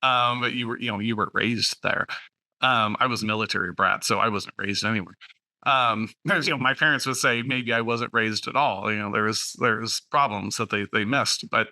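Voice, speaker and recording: A man's voice: on the low side, moderate pace, pushed and bright, no echo. A male podcast host from West Virginia and Western Pennsylvania, moderating a writers' panel in a rambling way full of fillers. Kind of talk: casual roundtable chat.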